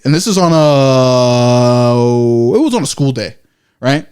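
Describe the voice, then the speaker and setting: A man's voice: mid-range voice, lively intonation, unhurried, darkish tone, clean tone. A man co-hosting a podcast, telling a story in a rambling, self-correcting way, swearing freely and acting out his own reactions. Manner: acts out his own reactions in quoted asides. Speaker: podcast co-host. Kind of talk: casual storytelling chat.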